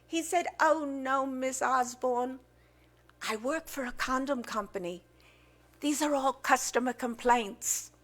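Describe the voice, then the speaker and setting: A woman's voice: high-pitched, slow pace, a bit bright. A woman doing a chatty celebrity wife. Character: gossipy celebrity wife at dinner.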